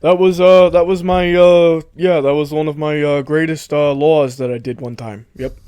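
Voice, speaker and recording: A rambling old politician in a comedy podcast sketch, stalling on every "uh" and puffing up his vague achievements, with a man putting him on. The voice lifts a little higher and louder than a plain talking voice. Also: steady tone, clean tone, no echo, close to an everyday voice. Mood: bumbling. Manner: halting, full of "uh", vague boasting. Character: impression of an elderly male US politician, bumbling. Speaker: podcast co-host.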